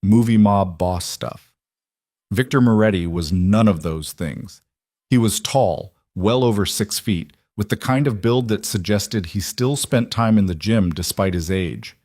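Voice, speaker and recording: A man narrating a scripted story in a steady, measured way. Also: fairly low pitch, no room sound, studio quality.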